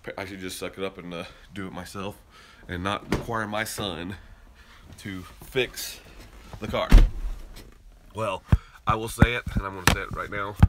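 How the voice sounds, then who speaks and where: A man's voice: lowish voice, very noisy. A man hosting a podcast, telling a story in a casual, rambling way that turns heated and emphatic. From Utah, US. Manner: rambling, restarts often, gets heated and emphatic. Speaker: podcast host. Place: garage and car, indoors and out.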